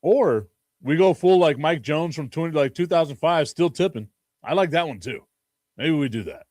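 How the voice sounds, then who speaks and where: A man's voice: on the high side, lively intonation, normal speed, a little mellow, dry recording, studio quality. Joking male sports talk host. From Chicago. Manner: joking, rambling, laughs often. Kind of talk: casual sports talk stream.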